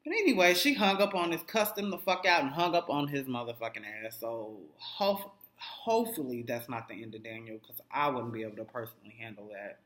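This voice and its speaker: Profane, animated TV recap vlogger in an echoey room. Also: male voice, medium pitch, fairly quick. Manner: animated, swears constantly, acts out characters' lines.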